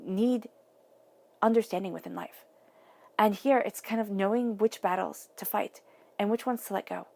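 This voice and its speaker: A woman's voice: medium pitch, dark tone. A woman giving a tarot reading, talking earnestly and directly to the viewer in a casual, conversational way. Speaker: tarot reader.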